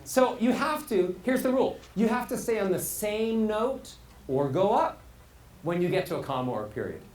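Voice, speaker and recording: Animated male voice coach, roomy sound. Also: moderate pace. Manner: animated, swings pitch widely to demonstrate. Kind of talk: speaking lesson. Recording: roomy sound with faint hiss.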